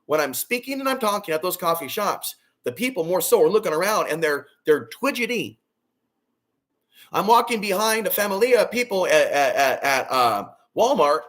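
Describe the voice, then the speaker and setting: Booming, rambling man vlogger. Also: moderate pace. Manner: loud and booming, swings from excited to low and hushed. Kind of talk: rambling monologue to camera.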